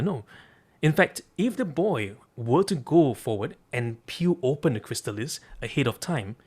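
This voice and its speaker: A man's voice: medium pitch, a little mellow, breathy edge. Emphatic male coach telling a story. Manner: emphatic, repeating key phrases. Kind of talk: storytelling talk.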